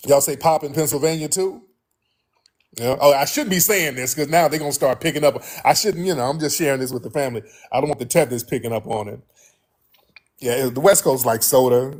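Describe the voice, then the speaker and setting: A man's voice: mid-range voice, moderate pace. A man from the United States hosting casual commentary to his viewers, emphatic and repetitive, calling them family. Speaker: host.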